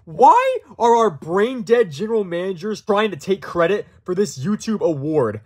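Man playing a narcissistic young male champion, whiny, bragging, slangy, husky. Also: high-pitched, sing-song, moderate pace, exaggerated voice. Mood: smug.

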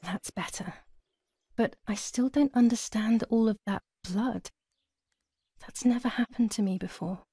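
A woman's voice: on the high side, measured pace, warm tone, husky. An actress voicing a troubled young woman haunted by her dead twin, speaking an anxious inner monologue in a video game. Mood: uneasy.

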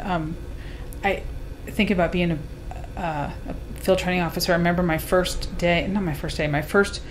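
A woman working as a physician assistant, chatting on a podcast and telling stories with halting restarts. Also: fairly low pitch, fairly even intonation, slight background noise. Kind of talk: casual chat.

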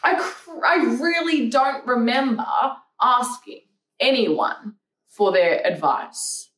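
A woman's voice: a little high, very animated, takes it slowly, a bit bright. A young woman vlogger ranting back at comments in a sarcastic, profane, mocking way. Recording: echoey room, mic at a distance.

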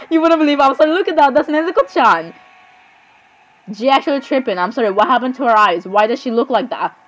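A young woman chatting excitedly as she comments on her own gameplay, often saying sorry and literally. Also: sits high, fast, rough recording. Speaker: gamer.

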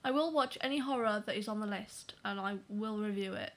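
A woman's voice: medium pitch, steady tone, moderate pace. A young woman giving a casual movie review vlog, chatty and apologetic, often dropping to a whisper for asides. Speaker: vlogger.

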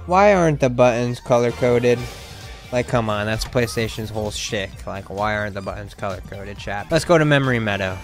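A young man streaming a video game, reacting with slangy, excitable commentary and sudden loud outbursts. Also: on the low side, moderate pace, over music. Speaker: gaming streamer. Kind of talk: let's play commentary.

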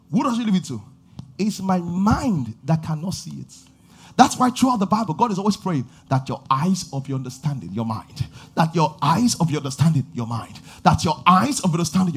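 A man preaching a sermon as pastor, asking the congregation questions and building to shouted passages. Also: on the high side, slightly rough.

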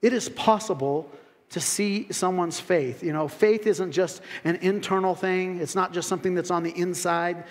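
A man preaching with a high voice, telling the story casually and restarting his phrases. The sermon echoes with a long reverb, as in a large hall or church. His delivery is relaxed and informal. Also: normal speed. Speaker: pastor.

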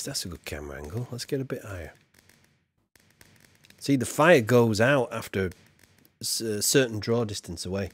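A man's voice: fairly low pitch, expressive, moderate pace, long pauses, breathy edge, no room sound. A man chatting loosely as he streams a game, rambling with fillers. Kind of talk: live game stream chat.

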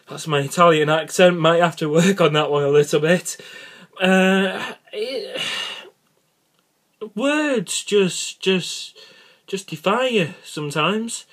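A man's voice: high-pitched, lively intonation, slow, fairly bright tone. A young man, rambling casually about cycling and bad drivers, exasperated and jokey with many restarts. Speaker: cycling vlogger.

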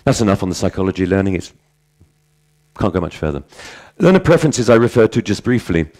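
Low-voiced man giving a conference talk. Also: sing-song, fast, darkish tone. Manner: conversational, tells anecdotes with self-corrections. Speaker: conference speaker on language teaching.

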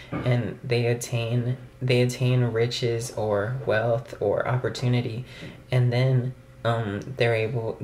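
A man's voice: mid-range voice, a little mellow, a little hiss or hum. A young man talking casually to his camera at home as a vlogger, rambling with lots of fillers. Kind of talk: casual vlog talk to camera. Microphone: camera mic. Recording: roomy camera audio.

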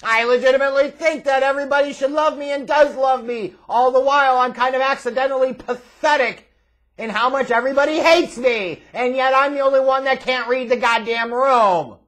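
Sneering parody of a boastful, insecure male wrestler, put on by a man, pitched very high and pushed louder. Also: fairly even intonation, fairly quick, rough recording. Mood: smug. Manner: mocking, sneering first-person parody.

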